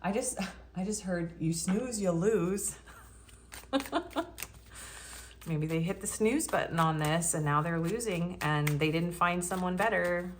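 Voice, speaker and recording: A woman with a notably deep voice talks through a casual tarot reading. She keeps it chatty and cheeky and laughs easily as she speaks. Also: a little slow, slight background noise. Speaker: tarot reader.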